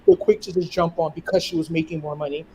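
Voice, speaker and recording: A speaker with an American accent, giving a thoughtful, measured opinion in casual discussion and restarting words while thinking. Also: male voice, a little high, dark tone, a little hiss or hum, low-quality recording.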